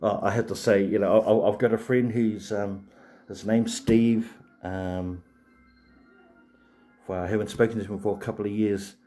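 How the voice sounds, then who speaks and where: A rambling man in his late forties chats to his live stream viewers, his voice sitting low and sounding warm and relaxed. He wanders through his sentences, full of ums and restarts. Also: moderate pace, faint music behind. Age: 40s. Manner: rambling, chatty, many fillers and restarts.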